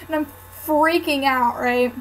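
A woman's voice: high-pitched, measured pace, slight background noise, rough recording. A young woman vlogger chatting casually to camera, telling a story with lots of "um" and "like". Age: student.

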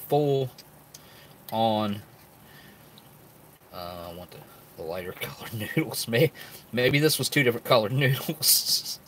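Talking to his viewers in a vlog, a food reviewer with a voice on the low side samples old food, occasionally speaking with his mouth full. There's slight background noise.

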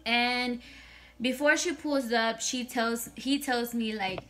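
A young woman chats her way through a personal story for her vlog. Her voice is bright and sits a little high, with a faint hiss behind it. She swears freely and drops into Spanish phrases as she talks. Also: steady tone, slow pace. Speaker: vlogger. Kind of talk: casual storytime monologue.

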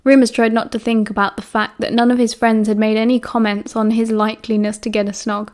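A woman with a British accent narrating an audiobook in a calm, even storytelling manner. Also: on the high side, a little fast. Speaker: audiobook reader.

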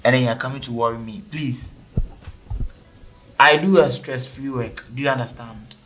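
A man's voice: mid-range voice, moderate pace, fairly bright tone, lightly acted, low-quality recording. A man playing a rude, arrogant bank officer who talks down to a customer. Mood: irritated. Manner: scornful, bossy, dismissive. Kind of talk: short film acting.

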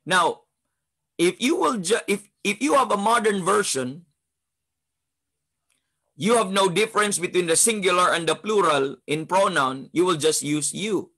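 Slow, bright-voiced Filipino Bible teacher. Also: male voice, high-pitched, expressive, slightly rough. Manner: switches between English and Tagalog, emphatic and repetitive.

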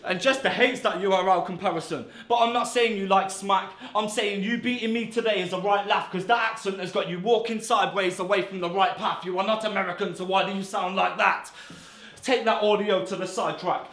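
A man's voice: high voice, steady tone, fairly quick, a bit bright. Brash man spitting battle bars. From England. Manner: brash, insulting, swears heavily. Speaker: battle rapper. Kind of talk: rap battle verses. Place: indoor battle venue. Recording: roomy echo.

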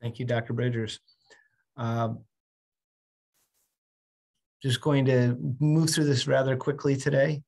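A man starting a quick update over a video call, unhurried and slightly fumbling. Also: medium pitch, flat delivery, darkish tone. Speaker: county official presenting metrics.

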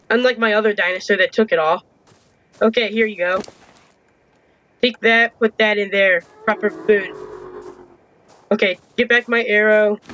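Complaining in frustration and swearing mildly and often, a young man provides game commentary for his gaming channel. His voice is very high-pitched and sharp, and a little hiss or hum sits in the recording.

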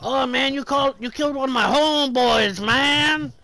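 A man's voice: extremely high pitch, moderate pace, gravelly, voice pushed up, heavily acted. A man putting on the voice of a sixty-year-old male tai chi teacher who rants about conspiracies and hurls profane threats. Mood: indignant. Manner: loud, profane, paranoid, threatening.

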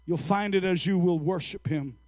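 A man preaching a sermon, telling a story in halting, drawn-out phrases and rising to fervent shouts. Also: high-pitched, no echo, clean studio sound.

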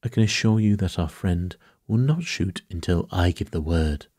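A man's voice: low voice, animated, moderate pace, a little mellow, breathy edge, no room sound, clean studio sound. A man voicing a courteous, fussy elderly detective in a bedtime story reading, speaking formally with mild reproof. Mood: calm. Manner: formal, mildly reproving, polite.

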